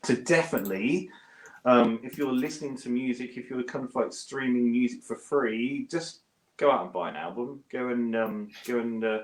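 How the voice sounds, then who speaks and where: A British man, a guest bass player, chatting self-deprecatingly from his home studio over a video call. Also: normal speed. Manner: chatty and self-deprecating, with lively pitch jumps. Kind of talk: casual interview chat. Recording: roomy echo.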